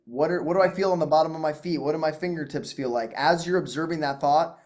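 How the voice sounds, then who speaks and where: A man with a somewhat high voice coaches on a group call. He calmly explains trance and meditation in an explanatory tone. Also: fast. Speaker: hypnosis coach.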